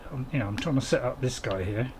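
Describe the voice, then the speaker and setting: A man's voice: mid-range voice, fast, noisy background. A man, casually commenting on a farming game while streaming and chatting to viewers in a rambling, self-mocking way.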